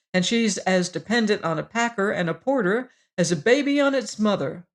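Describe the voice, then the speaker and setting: A woman's voice: medium pitch, close to an everyday voice. A woman voicing a shrewd, fat, middle-aged male salesman in an audiobook, jovial and earnest, with blustering salesman talk. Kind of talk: audiobook character reading.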